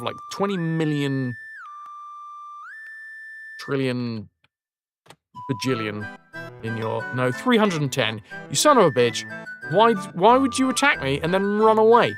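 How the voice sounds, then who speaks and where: A man's voice: fairly high pitch, big pitch swings, slow pace, long pauses, over music. A man casually commentating on a game during a live stream, chatting with viewers and swearing when things go wrong. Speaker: livestream gamer.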